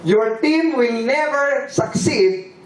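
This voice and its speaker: A man giving a motivational seminar talk, leading the crowd in slow, emphatic chants. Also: extremely high pitch, expressive, slight background noise. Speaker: seminar speaker. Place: large hall with live audience. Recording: roomy hall from far off, crowd.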